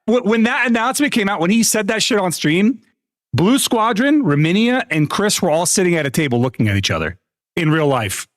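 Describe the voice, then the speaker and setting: A man's voice: high voice, a little fast, dry recording, clean studio sound. A man on a live stream telling gaming stories in casual chat, swearing often and laughing between lines. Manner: animated storytelling, swearing, frequent laughter.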